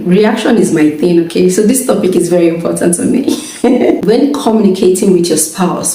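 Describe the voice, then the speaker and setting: A woman's voice: fairly low pitch, warm tone. Woman talking in an echoey room. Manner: chatty, checks in often with the listener, laughs between points. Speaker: vlogger giving marriage advice. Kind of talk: casual advice talk. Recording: echoey room, mic at a distance.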